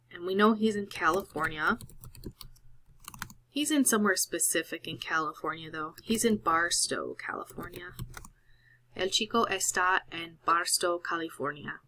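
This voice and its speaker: A woman's voice: lowish voice, sharp tone. A woman teacher patiently walking students through each step of a recorded screen-share lesson.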